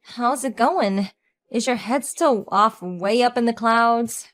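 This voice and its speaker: A woman voicing a sharp-tongued divorced woman who mocks her ex-husband with cutting sarcasm. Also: fairly high pitch, takes it slowly, soft background music. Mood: mocking. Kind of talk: audio drama acting.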